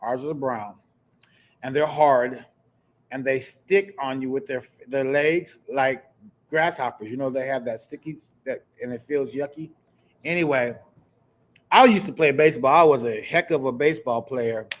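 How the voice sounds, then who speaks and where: A man from Kansas hosting a live podcast, telling stories in an animated, chatty way and talking straight to his viewers. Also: medium pitch, moderate pace. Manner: animated storyteller, chatty, addresses viewers directly. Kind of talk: casual live-stream chat.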